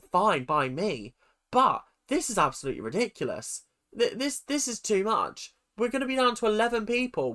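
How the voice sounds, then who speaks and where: A man's voice: sits high, sharp tone. A man from the UK giving a casual, opinionated rant about a reality TV cast, frank and chatty, swearing now and then. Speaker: YouTube commentator.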